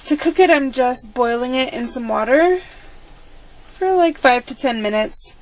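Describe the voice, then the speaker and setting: A woman's voice: high-pitched, animated, measured pace, low-quality recording. A woman chatting casually through a home cooking tutorial, with plenty of ums. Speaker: home cook.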